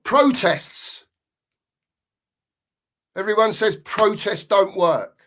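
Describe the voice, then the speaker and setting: A middle-aged man hosts a live football show, venting in an angry, sweary rant that circles back on itself. His voice sits a little high for a man. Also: expressive, very slow, fairly bright tone. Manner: angry, sweary, repeats himself. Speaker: podcast host.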